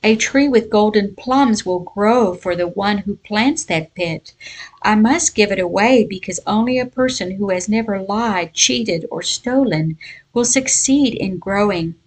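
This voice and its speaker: A woman's voice: medium pitch, a little slow, natural voice, low-quality recording. Woman reading as a clever pleading thief. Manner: earnest, pleading, then accusing. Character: clever humble male thief pleading his case.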